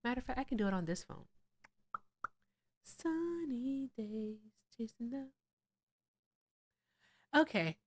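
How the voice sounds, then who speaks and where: Woman from virginia hosting a livestream, kinda high voice, super gushy, loud then quiet mumbly. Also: slow, long pauses. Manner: animated, gushing thanks to viewers, swings between loud excitement and quiet asides. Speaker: livestream host. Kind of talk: casual livestream chat.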